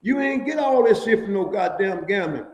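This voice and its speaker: A man voicing a hot-tempered, bullying redneck prison officer who shouts and curses in accusation. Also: sits high, expressive, moderate pace, highs cut off, pitched above the performer's own voice. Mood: angry, accusing. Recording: echoey room.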